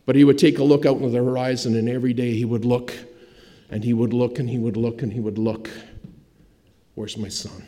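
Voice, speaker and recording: A man preaching a sermon, telling the story dramatically and swinging between loud emphasis and hushed, quiet lines. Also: mid-range voice, flat delivery, quick pace. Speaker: pastor. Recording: long hall reverb.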